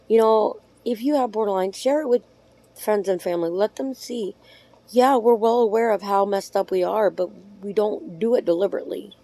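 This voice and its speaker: Chatty woman with a lowish voice. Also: gravelly, mellow. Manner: chatty, rambling, affectionate; frank, swears casually. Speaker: vlogger. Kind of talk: casual talk to camera.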